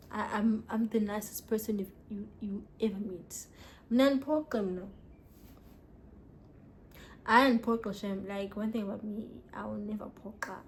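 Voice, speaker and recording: A woman's voice: mid-range voice, a little hiss or hum. A young woman vlogging casually, a bit tipsy, chatting and telling stories while she answers viewer questions. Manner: chatty, animated storytelling, mixing English and local words.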